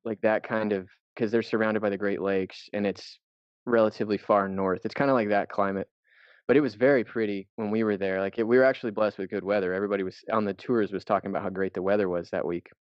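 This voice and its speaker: A rather low-voiced man rambles through a casual podcast story, swearing freely as he goes. The audio is dry and a little dull, with no room sound. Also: steady tone, fast talker, clear, resonant tone, no room sound. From United States. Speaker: podcast co-host.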